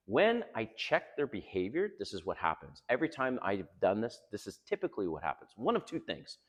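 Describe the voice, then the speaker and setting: A man's voice: fairly low pitch, huge pitch swings, a little fast, few pauses. A middle-aged man giving dating advice to camera in a casual monologue, blunt, emphatic and profane as he lectures. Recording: long reverb in the room.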